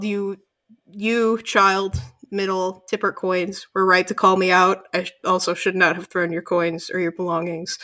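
A woman's voice: sits high, sharp tone, voice pushed up. A woman voicing a sleepless, weepy town official. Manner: stammering, broken by sobs. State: crying.

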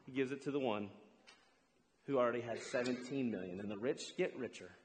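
A man preaching a lively sermon, drawing the congregation in and cheering them on. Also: medium pitch, fairly quick, slight background noise. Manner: energetic, hypes up the crowd. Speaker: pastor. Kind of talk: sermon with audience participation. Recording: long hall reverb.

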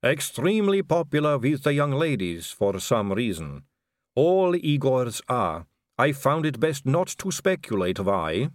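A man's voice: medium pitch, very animated, measured pace, dry recording, clean studio sound. Refined vampire countess , as read by a man, gracious, teasing, musical lilt, storybook. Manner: polite, gracious, lightly teasing. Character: genteel female vampire aristocrat, middle-aged, poised.

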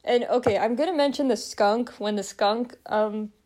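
A woman's voice: on the high side, moderate pace, darkish tone. A young woman talking casually on a vlog, rambling and chatty, often breaking into laughter. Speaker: vlogger reviewing a film. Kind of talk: casual chat.

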